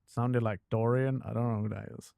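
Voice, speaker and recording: A man's voice: medium pitch, steady tone, a little fast, vocal fry, dark tone, clean tone, no echo, studio quality. A man streaming a game, chatting casually and rambling with lots of fillers, slipping now and then into mock accents. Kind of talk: casual chat while gaming.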